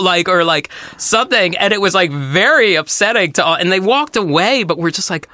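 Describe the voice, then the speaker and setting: A woman's voice: brisk, hardly any pauses, dry recording. A woman co-hosting a podcast, telling a long story in casual talk and acting out the people in it. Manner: animated storyteller, acts out other people's voices with big pitch jumps. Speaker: podcast co-host.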